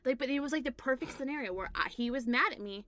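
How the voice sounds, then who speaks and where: A woman casually telling an anecdote to a friend, animated and laughing often. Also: high-pitched, fast, no room sound. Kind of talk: casual storytelling chat.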